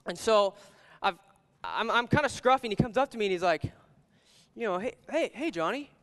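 Young male youth pastor, loose, chatty, filler-heavy delivery, smooth, high-set voice; reverberant hall. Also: brisk, fairly bright tone. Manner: rambling, filler-heavy, with many "like"s and restarts. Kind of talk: casual sermon with storytelling. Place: church hall. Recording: long reverb of a large hall.

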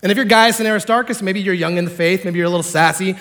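High, animated male preacher. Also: racing. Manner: animated, acts out quotes, jokes with the congregation. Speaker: pastor. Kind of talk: sermon.

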